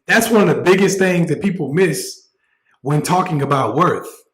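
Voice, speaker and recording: A man's voice: fairly high pitch, animated, moderate pace, reverberant, low-quality recording. Blunt, joking man streaming live. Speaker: livestream host. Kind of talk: casual livestream commentary.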